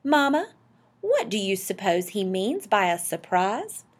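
A woman's voice: mid-range voice, unhurried. A woman voicing an enthusiastic, dreamy middle-aged husband who talks eagerly. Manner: eager, excitable.

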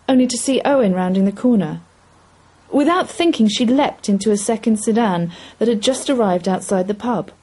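A woman reading a short story aloud in an expressive, measured storytelling voice. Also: mid-range voice, husky, rough recording. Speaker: reader. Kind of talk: scripted story narration.

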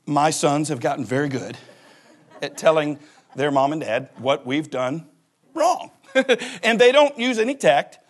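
A man's voice: a little high, expressive, unhurried. A man in his forties, a pastor giving a humorous sermon and acting out little scenes as he laughs. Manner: joking storyteller who acts out voices and laughs.

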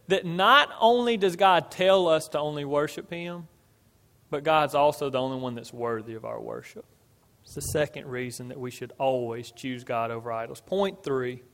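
A man preaching a sermon and reading scripture aloud, emphatic, swinging between loud and quiet. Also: fairly high pitch. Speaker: pastor. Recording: long hall reverb.

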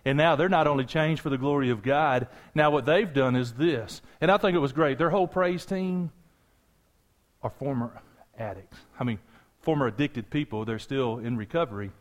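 A pastor preaches to his congregation at a moderate pace in a mid-range voice. He's animated and conversational, speaking directly to them and dropping in asides and jokes.

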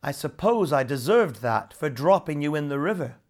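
A storyteller voicing a gentle, patient husband who speaks softly and slowly, in a storybook read-aloud. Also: mid-range voice, expressive, close to an everyday voice. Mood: kindly. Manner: soft, slow and kindly, sometimes pleading.

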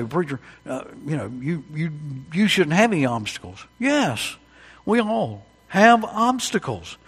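A man, preaching a sermon to a congregation as pastor, swinging between loud emphatic peaks and hushed quiet drops. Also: fairly high pitch, husky, big-room sound. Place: church during an evening service.

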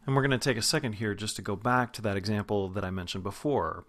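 A man teaching a spoken lesson as a dialect coach, explaining carefully and slowly modeling vowel sounds again and again. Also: on the low side, fairly bright tone.

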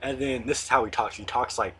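A man's voice: medium pitch, brisk, a bit bright, a little hiss or hum. A young man in his late teens hosting his own online show, rambling casually with lots of fillers and the odd swear word. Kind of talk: casual monologue to camera.

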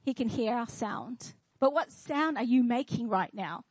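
Woman pastor preaching, high voice, dry close sound, lots of questions to the congregation. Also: expressive, unhurried, a little mellow, slightly rough, dry recording, low-quality recording. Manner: declaring, rhetorical questions to the congregation. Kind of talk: sermon. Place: church.

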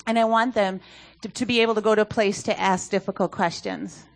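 A woman's voice: medium pitch, fairly even intonation, brisk. Earnest woman giving a church talk. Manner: earnest, conversational, with frequent fillers. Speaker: youth ministry speaker. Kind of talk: sermon talk.

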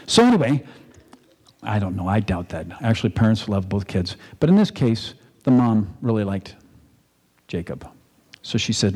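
A man's voice: mid-range voice, warm tone, husky. A man pastor preaching a sermon, retelling a story in a conversational way and acting out the quotes. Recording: long reverb in a large hall.

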